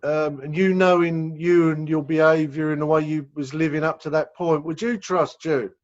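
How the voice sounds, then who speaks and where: Fields: Sex: man. Role: rehab director. Tone: high, lo-fi. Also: steady tone, moderate pace. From United Kingdom. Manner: rambling, repeats words when starting sentences. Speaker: rehab director leading a group session. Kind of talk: conversational teaching on a video call. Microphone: video call. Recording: dull lo-fi video call audio.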